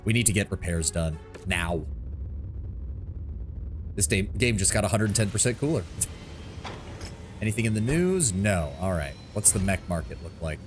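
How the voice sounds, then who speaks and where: A man's voice: lowish voice, expressive, fairly quick. Wry, swearing male game streamer. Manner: swearing, reacting aloud, wry. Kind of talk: gameplay commentary. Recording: game music loud under voice.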